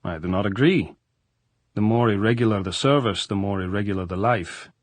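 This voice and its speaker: A man's voice: on the low side, a little fast, dry recording, lightly acted. A man voicing a blunt middle-aged general who teases dryly in stiff, formal broken English, in an audiobook. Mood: dryly teasing.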